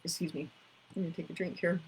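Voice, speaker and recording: A woman's voice: on the low side, fairly even intonation, fast talker, a little hiss or hum, poor audio. A woman, teaching about inner child work in a casual storytelling way, acting out conversations. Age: 50s.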